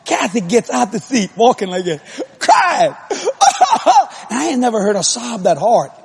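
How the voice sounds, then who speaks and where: A man's voice: high-pitched, a little fast, creaky, darkish tone, husky. A man preaching a humorous sermon, telling a story in a blunt, folksy way, laughing often and mimicking voices and sounds.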